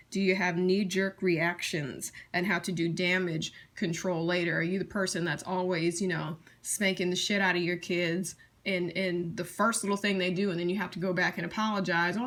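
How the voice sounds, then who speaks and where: Woman, lower-pitched voice, casual tarot lesson, blunt and chatty, lots of restarts. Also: fairly bright tone. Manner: blunt, chatty, acts out scenarios in quick asides; frequent fillers and restarts. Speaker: tarot teacher. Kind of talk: casual teaching monologue.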